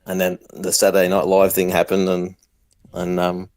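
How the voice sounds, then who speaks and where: A man's voice: sits low, completely flat delivery, moderate pace, darkish tone, no echo. A man with an Australian accent chatting casually as a caller, hesitant with many ums. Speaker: viewer calling in. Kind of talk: casual chat.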